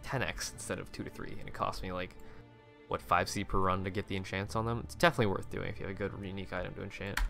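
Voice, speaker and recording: Young guy rambling about his game trades, swears a lot, kinda gravelly, some quiet music under it. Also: deep voice, flat delivery, fast. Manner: rambling, swears often, lots of restarts. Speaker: gaming video creator. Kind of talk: casual commentary over game screenshots.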